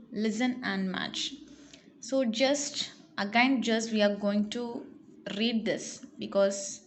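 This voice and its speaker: A woman teacher reading words and sentences aloud slowly and carefully in an English lesson for young pupils. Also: fairly high pitch, slight background noise.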